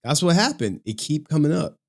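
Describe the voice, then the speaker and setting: A man's voice: a little high, sing-song, brisk, creaky. A tired man talking casually on a live stream, loose and chatty, swearing now and then. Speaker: commentary streamer.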